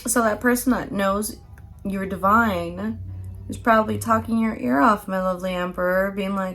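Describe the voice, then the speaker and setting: A woman with a gravelly, fry-edged voice runs through a tarot spread in a loose, chatty way. She laughs often, swears casually, and keeps a playful, teasing tone with her listeners, at an everyday middle pitch. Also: moderate pace, fairly bright tone, faint music behind. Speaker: tarot card reader. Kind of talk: casual pick-a-card tarot reading.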